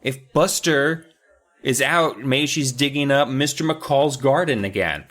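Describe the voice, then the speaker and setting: A man voicing a bratty, foul-mouthed girl in a squeaky, exasperated voice. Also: a little slow, fairly bright tone, lightly acted. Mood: annoyed.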